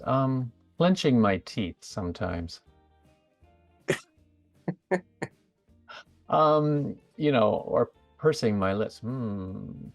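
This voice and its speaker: Low-voiced chatty middle-aged man. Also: no room sound. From USA. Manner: chatty, rambling with fillers and self-corrections. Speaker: guest, psychic medium. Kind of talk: casual interview chat.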